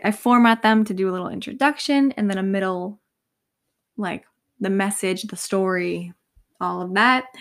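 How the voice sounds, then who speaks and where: A woman's voice: medium pitch, creaky. Rambling, tired young woman podcaster. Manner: rambling, filler-heavy, lots of "like". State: tired, yawning. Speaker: podcast host. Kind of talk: casual solo podcast chat.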